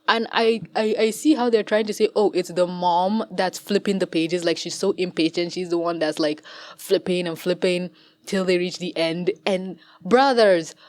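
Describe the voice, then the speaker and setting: Excitable swearing woman reacting to a cartoon. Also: fairly low pitch, dry recording. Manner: excitable, swearing, laughing often. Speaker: reaction video host. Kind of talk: casual reaction commentary.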